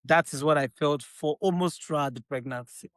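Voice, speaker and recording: Nigerian woman telling an animated story. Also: low voice, moderate pace, dry recording. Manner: animated, emphatic storytelling with repeated phrases. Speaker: podcast guest. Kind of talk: casual chat.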